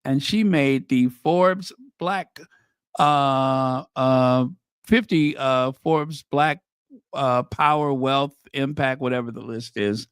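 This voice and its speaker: Slow-talking man commenting on headlines. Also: mid-range voice, steady tone, clear, resonant tone, dry recording, clean studio sound. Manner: reads headlines aloud then reacts with opinionated asides. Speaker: commentary channel host. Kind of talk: casual commentary on news headlines.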